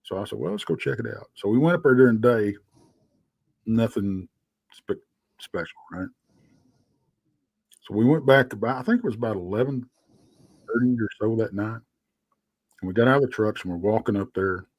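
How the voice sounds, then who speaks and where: Texan man with a low voice, rambling. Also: darkish tone, no room sound. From Texas. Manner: rambling, halting storyteller full of fillers. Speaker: guest. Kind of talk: casual storytelling.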